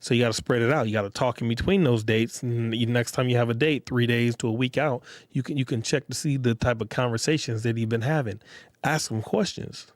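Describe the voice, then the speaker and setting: Speaking fairly quickly at a medium pitch, a man runs a solo episode of his own podcast, casual and blunt, swearing and using street slang. Impersonating other people makes him animated. The audio has no room sound and is clean, like a studio.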